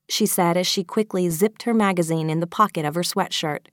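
A woman narrating a children's novel as an audiobook reader, in a steady, even storytelling manner. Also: on the low side, a little fast, few pauses, dry recording, clean studio sound. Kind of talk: scripted narration.

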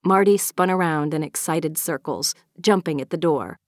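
A woman narrating a children's audiobook in a clear, measured storytelling manner. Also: sits low, no echo, studio quality. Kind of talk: scripted narration.

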